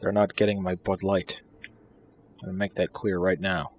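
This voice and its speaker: A man's voice: sits low, level tone, normal speed, a little hiss or hum. A man giving crude, sarcastic, irreverent commentary over a video game playthrough. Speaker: let's play commentator.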